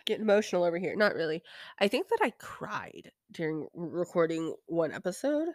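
A young woman with a lowish voice talks through a TV episode in loose, chatty recap mode. She is irreverent, drops the odd swear and sighs between thoughts. The recording is close and dry, with no room sound. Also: very animated, fairly quick, no room sound. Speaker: podcast host. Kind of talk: casual recap commentary.

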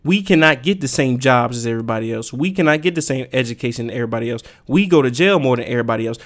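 A man's voice: mid-range voice, expressive, very fast. A man hosting a podcast, delivering a heated, profane solo rant full of emphatic rhetorical questions. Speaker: podcast host. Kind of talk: casual ranting monologue.

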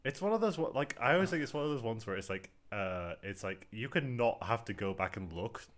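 A man's voice: mid-range voice, lively intonation, a little fast, fairly bright tone. A man from England co-hosting a podcast, chatting casually and rambling with lots of fillers and swearing. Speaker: podcast co-host. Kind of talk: casual chat.

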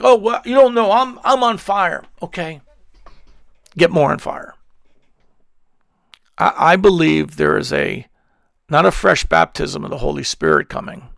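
A man's voice: on the high side, creaky, pushed and bright, dry recording, studio quality. A man preaching an earnest devotional message to online listeners, then leading them in prayer. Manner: earnest, repetitive, affectionate, drops to near-whisper at times. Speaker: pastor.

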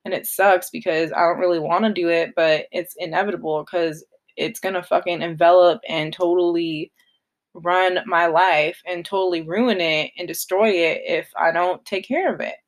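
A woman's voice: lowish voice, fairly even intonation, moderate pace. A young woman hosting a solo podcast, talking in a blunt, confessional way with a lot of swearing. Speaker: podcast host. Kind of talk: casual solo podcast monologue.

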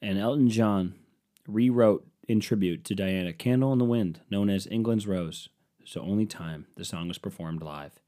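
A man's voice: on the low side, normal speed, dark tone. A man doing a rambling comic monologue, sarcastic and profane with mocking asides.

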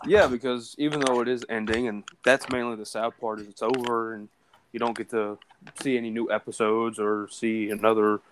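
A man's voice: medium pitch, level tone, normal speed, a little hiss or hum. Young man rambling earnestly on a podcast. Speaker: podcast co-host. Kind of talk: casual podcast chat.

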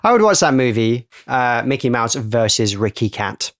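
A man co-hosting a podcast, joking along in easy chat. His pitch swings freely. The mic sound is close and dry. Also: very animated, normal speed, dry recording. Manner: playful, joking. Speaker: podcast co-host.

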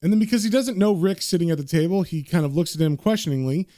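A man's voice: fairly high pitch, fast talker, warm tone, no room sound. Chatty man narrating a comic, dry sound. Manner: chatty, conversational, with fillers. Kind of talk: casual comic recap narration.

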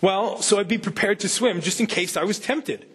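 A man's voice: high voice, moderate pace, a bit bright. A man pastor voicing a young boy sheepishly explaining his excuse in a sermon story.

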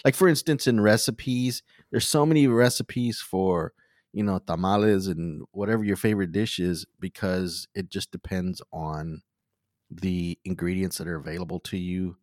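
A man hosting a podcast, talking in a casual, thoughtful way with many pauses and fillers. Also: low-pitched, darkish tone, dry recording, clean studio sound. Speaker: podcast host. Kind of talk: casual conversation.

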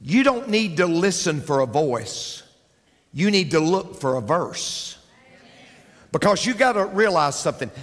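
Male pastor, high bright voice, lively swooping delivery, emphatic repeats; reverberant church hall. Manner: emphatic, repeats lines for effect. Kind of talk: sermon. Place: large church.

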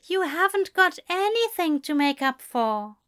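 A woman voicing a gentle male angel who speaks with emphatic, drawn-out affection. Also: very high voice, lively intonation, voice pushed up, full character voice. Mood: tender. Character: fond, gentle male angel, scolding tenderly.

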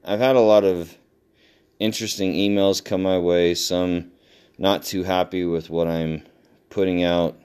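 A man's voice: deep voice, a little mellow, clean tone. A middle-aged man hosting a podcast, telling a home story in a loose, rambling way with fillers and laughs. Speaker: podcast host. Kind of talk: casual storytelling monologue.

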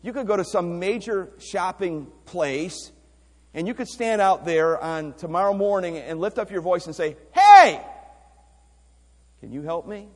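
A man's voice: sits high, normal speed. A man preaching a missions sermon, emphatic, asking rhetorical questions and repeating words as he goes. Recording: long hall reverb.

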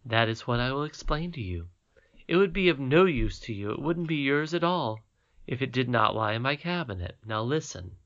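A man voicing a wise, gentle, mysterious old grandmother queen in an audiobook, calm, measured and tender. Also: mid-range voice, dull audio. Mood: tender instructing. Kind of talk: audiobook character reading.

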